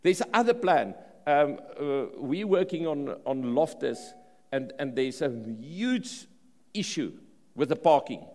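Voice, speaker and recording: South African male preacher, fairly high voice, lively swooping delivery, sermon in a big echoing hall. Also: unhurried. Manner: animated preaching, repeats words and restarts phrases. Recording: long reverb of a large hall.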